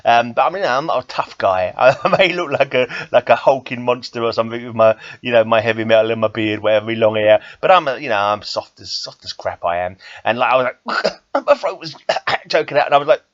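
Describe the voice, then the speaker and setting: A man's voice: mid-range voice, a little fast, a bit bright. A man talking casually about comics in a rambling, self-mocking way. He laughs at himself often and speaks in a medium voice. The recording is dull and muffled, with a close, dry sound and no room echo. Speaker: comic book vlogger and metal podcaster.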